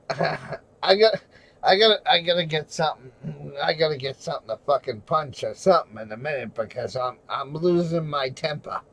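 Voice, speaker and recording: A man ranting angrily on a livestream from home at night, swearing constantly and shouting. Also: a little high, expressive, moderate pace, rough recording. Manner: furious, profane, shouting. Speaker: livestreamer and auditor. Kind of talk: angry livestream rant.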